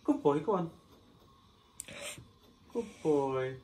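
A woman filming at home, talking to her dogs in a soft, coaxing, affectionate way. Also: deep voice, expressive, very slow, a little hiss or hum. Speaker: dog owner and new mother filming at home. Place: family home.

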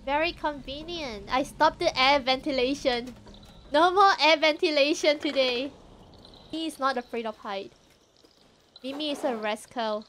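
A woman live-streaming a game, talking to the cat on screen and squealing and shouting when things go wrong. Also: high-pitched, measured pace, a little hiss or hum. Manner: talks to the cat character, meowing.

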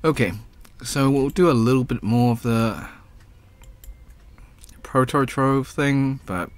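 A man with a hoarse, raspy voice from the flu, rambling casually and clearing his throat while talking over his gameplay. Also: mid-range voice, slow. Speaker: gaming vlogger.

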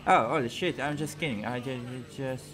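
A man giving casual, sarcastic gameplay commentary, swearing often and gushing in mock excitement. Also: medium pitch, a little fast, music in the background. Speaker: gamer commentating his gameplay.

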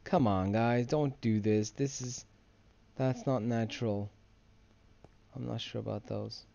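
A man's voice: medium pitch, fairly even intonation, a little slow, creaky, mellow, highs cut off. A man giving casual, rambling gameplay commentary for his channel, drowsy and easily distracted. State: sleepy, yawning. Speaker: gamer and video host.

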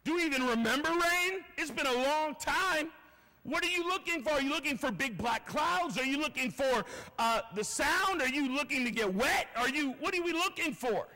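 A male pastor preaching a lively sermon in a church, telling a story in casual slang and swinging between shouts and quiet asides. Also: very high voice, normal speed. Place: church sanctuary. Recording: long reverb of a church hall.

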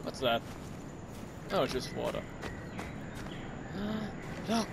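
A man's voice: a little high, very animated, normal speed, very noisy. A man giving goofy, mock-dramatic commentary while playing a video game and teasing the characters he meets. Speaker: gameplay commentator. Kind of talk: joking gameplay commentary. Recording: voice over loud game sounds.

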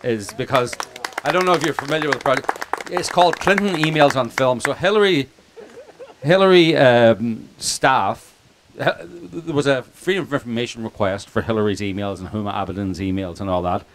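A man's voice: medium pitch, normal speed, a little hiss or hum. A man with an Irish accent, a documentary filmmaker speaking informally to an audience, rambling and joking with many restarts and asides. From Ireland. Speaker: documentary filmmaker giving a speech. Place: outdoor picnic gathering.

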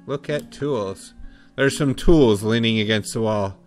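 A man casually commenting while playing a game, thinking aloud in a musing, unhurried way. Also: on the low side, soft background music. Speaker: let's play host.

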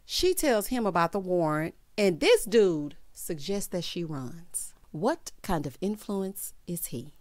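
Sassy, animated woman recapping reality TV. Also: lowish voice, takes it slowly, few pauses, no room sound. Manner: sassy, animated, mimics the cast in quoted voices. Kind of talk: casual recap commentary.

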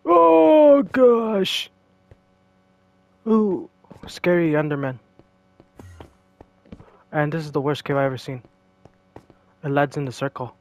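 A man giving casual gameplay commentary, jokey and excitable, talking to himself and to the game's creatures. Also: a little high, normal speed, pauses often, dry recording.

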